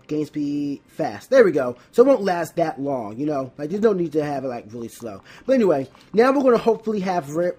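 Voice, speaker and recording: A Let's Play host giving casual gameplay commentary, often stumbling, restarting words and filling pauses with "um". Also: mid-range voice, a little mellow, breathy edge.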